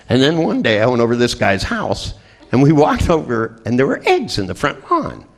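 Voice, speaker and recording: A man's voice: medium pitch, huge pitch swings, moderate pace. A middle-aged man giving a humorous seminar talk to a group, telling jokey stories and acting out the voices of people in them. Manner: joking storyteller who acts out quoted voices. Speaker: seminar trainer.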